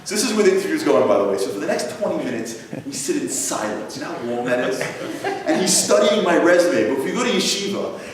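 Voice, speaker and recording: A man telling a humorous personal story live to an audience, with animated comic timing and chatty asides. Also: a little high, fast talker, hardly any pauses, a crowd in the background. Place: large synagogue hall. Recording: echoey hall from far off, faint ambience.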